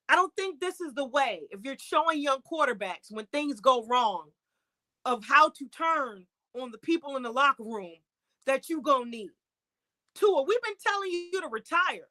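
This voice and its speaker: A woman's voice: sits high, lively intonation, normal speed, sharp tone, dry recording, low-quality recording. A woman co-hosting a live-streamed sports talk show, fiery and firing off rhetorical questions.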